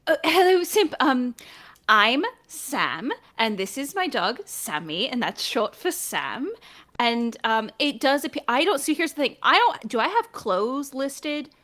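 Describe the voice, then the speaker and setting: A woman with a fairly high voice, taking her turn at a tabletop game. She speaks hesitantly and stops to check things, with plenty of fillers. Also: very animated, unhurried, pushed and bright. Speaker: player. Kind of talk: casual tabletop role-play.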